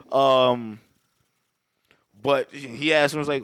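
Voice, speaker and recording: A man's voice: a little high, moderate pace. A man co-hosting a podcast, chatting casually and swearing a lot as he animatedly retells scenes. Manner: profane, animated retelling with quoted voices. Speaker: podcast co-host. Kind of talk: casual chat.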